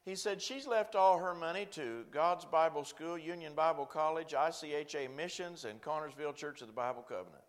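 A man's voice: on the high side, brisk, hardly any pauses. Folksy man telling a sermon story. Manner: folksy, self-deprecating storyteller acting out quoted voices. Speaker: pastor.

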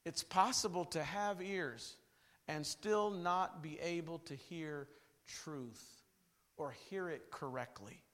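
A man preaching a revival sermon, telling stories dramatically and swinging from loud bursts to hushed lines. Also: on the high side, takes it slowly.

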